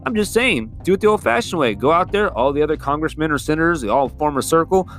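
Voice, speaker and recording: A man's voice: on the high side, expressive, fast talker, a bit bright, faint music behind. Heated, profane man ranting on a podcast. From California. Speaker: podcast host. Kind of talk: casual political rant. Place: California.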